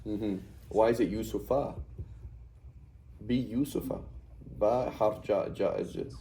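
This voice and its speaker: With a lowish, warm voice and an unhurried pace, a middle-aged man teaches Quranic Arabic in a conversational way, often adding "right?" to check understanding. There's slight background noise on the low-quality recording.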